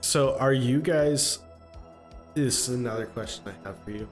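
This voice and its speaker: A man chatting casually as game master about his tabletop campaign, pausing often and filling gaps with "um" and "like". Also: medium pitch, faint music behind. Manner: hesitant, full of "um" and "like".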